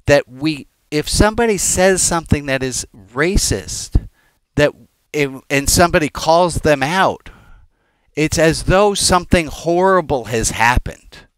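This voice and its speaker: A man who is a rabbi teaches a casual sermon, chatting with the congregation and wandering into jokes and side stories. His voice is slightly high and smooth and resonant. The sound is close and dry, with no room echo. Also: animated, unhurried. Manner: conversational, digressive and joking, addressing the congregation.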